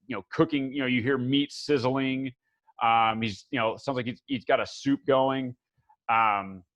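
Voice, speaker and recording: A man's voice: mid-range voice, fairly bright tone. A man narrating a tabletop game as game master, rambling with many fillers and restarts, on a dull lo-fi recording.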